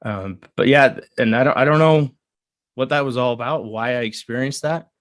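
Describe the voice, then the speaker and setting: An earnest man in his thirties recounts a personal story, pausing and restarting often. His voice sits mid-range, and the recording is dry with no room sound. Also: medium pitch, no room sound. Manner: earnest, halting with fillers and restarts. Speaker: guest. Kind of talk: casual storytelling.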